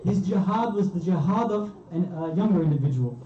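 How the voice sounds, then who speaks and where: A man's voice: sits high, lively intonation, brisk, mellow, slight background noise. Man telling a story in an echoey hall. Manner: vivid, emotional narration. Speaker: speaker. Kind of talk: sermon storytelling. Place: community religious hall. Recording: roomy, distant, dull hall recording.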